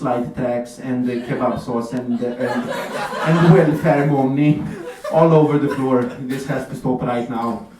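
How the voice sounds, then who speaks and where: A man doing a stand-up comedy set in a café, talking in a laid-back, swearing way with lots of fillers. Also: mid-range voice. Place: café stage with audience. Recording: roomy, distant, noisy room recording.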